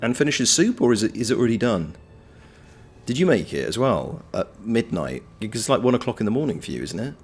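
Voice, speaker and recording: A lower-voiced man streams a game from home, his pitch swinging widely as he shouts at enemies and reads chat. He talks freely and animatedly, with the odd swear, into a streaming mic. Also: sing-song, fast talker, husky. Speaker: streamer and voice actor. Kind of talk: live-stream gameplay commentary, chatting with viewers.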